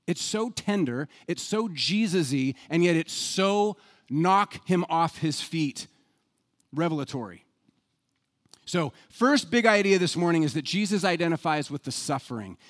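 A man preaching a sermon as pastor, stressing points with swings in loudness. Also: high voice. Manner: emphatic, varies loudness for stress.

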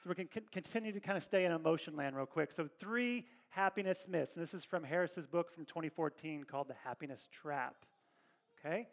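Man, pastor type, high-pitched, chatty lively sermon delivery, talks straight to the congregation. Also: brisk. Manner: conversational, animated preaching with asides to the congregation.

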